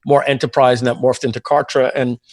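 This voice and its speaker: A man's voice: medium pitch, little pitch movement, a little fast, darkish tone, dry recording. Rambling fifties man, dry close sound. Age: 50s. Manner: rambling, frequent fillers and throat-clearing. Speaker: guest, software entrepreneur. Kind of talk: casual interview storytelling.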